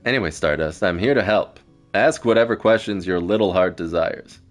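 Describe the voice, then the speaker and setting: A man's voice: low-pitched, moderate pace, faint music behind, close to an everyday voice. A man voicing a teasing, all-knowing star being with a playful, smug way of talking.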